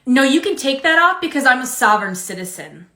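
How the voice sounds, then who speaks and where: A woman's voice: high voice, big pitch swings, brisk, pushed and bright, heavily acted. A woman playing an entitled, condescending customer in a comedy skit, demanding and indignant. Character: entitled rude middle-aged woman customer. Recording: roomy echo.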